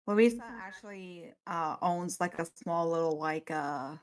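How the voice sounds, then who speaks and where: Lower-voiced woman player, filler-heavy, describes her character. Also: measured pace. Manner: many fillers, laughing asides. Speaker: tabletop game player.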